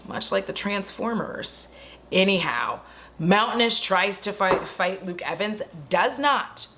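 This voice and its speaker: A woman's voice: mid-range voice, slow pace, slight background noise. A woman vlogger at home, retelling a horror movie in a casual, profane way with chatty asides to her viewers. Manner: animated, swears freely, chatty asides to viewers.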